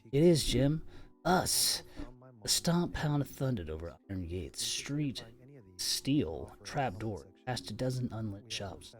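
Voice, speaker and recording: A man's voice: on the low side, big pitch swings, unhurried. A man reading a novel aloud on a live stream, sometimes stumbling over words and stopping to comment on them.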